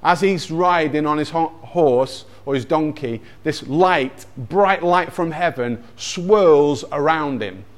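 A man with a fairly high voice tells a Bible story. He is animated and lively, and his delivery moves between quick asides and slow, dramatic moments. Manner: animated, with acted-out moments and personal anecdotes. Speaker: speaker retelling a Bible story.

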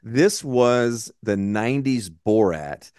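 A man's voice: fairly low pitch, expressive, takes it slowly, a little mellow, clean tone, no echo, studio quality. A man co-hosting a podcast, chatting casually about a movie in a blunt, profane, rambling way. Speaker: podcast co-host. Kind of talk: casual movie-review chat.

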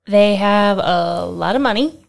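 A woman co-hosting a podcast in casual chat, giggly and halting as she asks questions. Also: medium pitch, vocal fry. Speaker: podcast producer and co-host.

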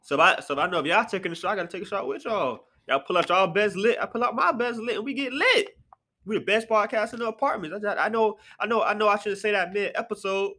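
A man hosting a casual solo podcast from his apartment, swinging between sudden high exclamations and low mutters. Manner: animated, jumps into sharp high outbursts then drops to low mutters. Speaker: podcast host. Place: apartment room.

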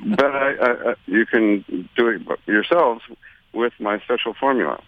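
A man, a songwriter, answering questions on a phone call in a dry, deadpan way. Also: medium pitch, moderate pace, dry recording. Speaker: songwriter guest. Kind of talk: phone interview. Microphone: telephone. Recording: muffled phone line.

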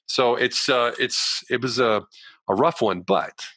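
A man, a guest in a conversation, telling a personal story in an animated way, acting out the voices of people he quotes and using lots of "you know" fillers. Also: mid-range voice, unhurried, dry recording.

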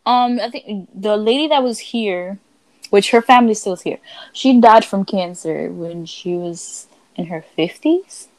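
Young woman, podcast co-host, brash and profane, animated quoting, dry close sound. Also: mid-range voice, a little slow, no room sound, poor audio. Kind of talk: casual storytelling chat.

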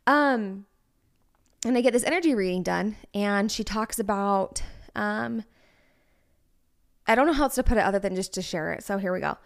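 A woman's voice: mid-range voice, moderate pace, creaky, pauses often. A woman in her thirties co-hosting a podcast, talking candidly and personally, with lots of "like" in her casual chat. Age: 30s. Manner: chatty, heavy use of "like", candid and personal. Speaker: podcast co-host.

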